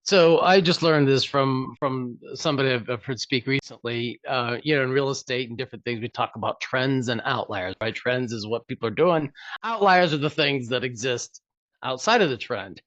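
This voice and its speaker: A man's voice: medium pitch, normal speed, fairly bright tone, no echo. Guy chiming in on a call, earnest, dry muffled sound. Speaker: participant on a training call. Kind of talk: casual sharing on a call.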